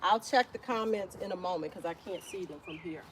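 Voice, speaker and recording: Outdoors in her garden, a woman hosts a casual homestead livestream, harvesting while greeting viewers by name. Her voice is lowish and a little fast, with noise in the background.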